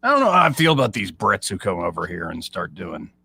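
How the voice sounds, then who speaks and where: Man, radio host, casual joking chat, lowish voice. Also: big pitch swings, fast, vocal fry, pushed and bright, slightly rough, no room sound. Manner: joking, rambling storyteller. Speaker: radio talk show host.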